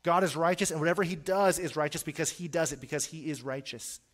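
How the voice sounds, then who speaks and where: A middle-aged man preaching a sermon in an earnest way, repeating words as he starts phrases and swinging from quiet to loud. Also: a little high, steady tone, quick pace.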